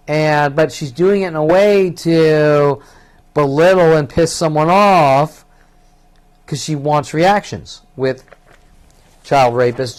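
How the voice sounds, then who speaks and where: A man talking alone in an agitated, rambling monologue, full of profanity and repetition. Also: fairly high pitch. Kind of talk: rambling solo monologue to camera.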